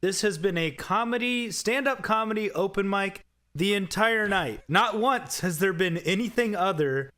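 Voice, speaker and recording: Higher-voiced man bantering with jokes. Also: lively intonation, moderate pace, pushed and bright. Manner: jokey, sets up context, laughs often. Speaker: podcast co-host. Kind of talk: casual banter.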